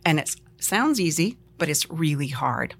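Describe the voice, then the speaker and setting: A woman speaking as a relationship expert guest on a podcast, animated and expressive, often acting out what she would say. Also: deep voice, a little slow, slight background noise. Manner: expressive, acts out quoted lines, laughs easily.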